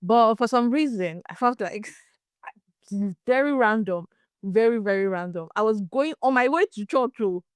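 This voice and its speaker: A young woman from Nigeria with a Nigerian accent, hosting a podcast and telling a story in casual, animated chat. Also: a little high, a little slow, smooth, no room sound. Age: young adult. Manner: animated, laughs and restarts often. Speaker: podcast host.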